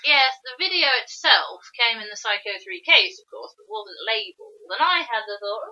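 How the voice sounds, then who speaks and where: A woman's voice: medium pitch, expressive, normal speed, hardly any pauses, sharp tone, highs cut off. A woman co-hosting a podcast, earnestly explaining and analysing film characters in casual chat. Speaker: podcast co-host.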